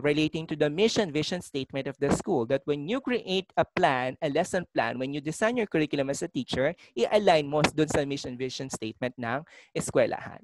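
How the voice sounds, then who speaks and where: A college teacher with a Filipino accent and a slightly high voice lectures his class, explaining things and frequently checking in with students by asking "okay?". The audio quality is poor.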